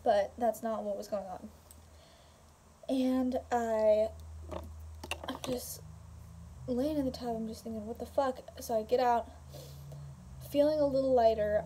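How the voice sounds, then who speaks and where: Rambling young woman with a warm voice. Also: fairly high pitch, a little hiss or hum. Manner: rambling, lots of filler and swearing. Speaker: vlogger. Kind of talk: casual storytelling to camera. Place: home room.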